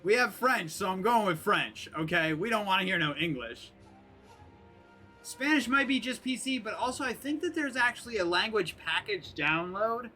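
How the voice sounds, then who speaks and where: A man live-streams a video game and chats loosely, tossing in jokey mock French lines. His voice is bright and forceful, pitched a little high, with faint game music behind him. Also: lively intonation, normal speed. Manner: chatty, joking, mock French asides. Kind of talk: casual live-stream commentary.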